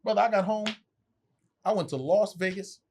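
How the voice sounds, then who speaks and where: A man in his forties, a podcast guest, telling stories in an animated, profane way and acting out other people's voices. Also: high voice, normal speed, slight background noise. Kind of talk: casual storytelling chat.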